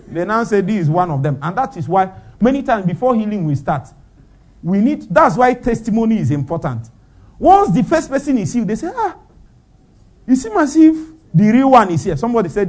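A man's voice: high voice, sing-song, fairly quick. A man preaching a sermon, firing off rhetorical questions and breaking into laughter.

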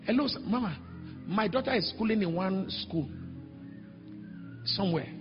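A middle-aged man with a Nigerian accent preaching a sermon, telling stories and acting out other voices, sometimes shouting. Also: high-pitched, normal speed. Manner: animated, acts out quoted voices, sudden shouts. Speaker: pastor. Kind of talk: sermon with storytelling. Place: large church hall. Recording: echoey hall, dull sound, faint music.

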